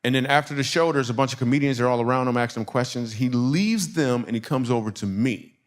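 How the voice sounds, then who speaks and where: A man's voice: medium pitch, fast. A man from Michigan doing a stand-up comedy set, telling stories and acting out the people in them. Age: adult. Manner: animated, acts out quoted voices, laughter in the crowd.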